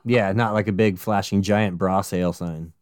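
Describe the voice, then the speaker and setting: A man's voice: low voice, fairly even intonation, normal speed, smooth, no room sound, studio quality. A man co-hosting a casual true-crime podcast, reading out the case and cutting in with jokey, sweary asides. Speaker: podcast co-host.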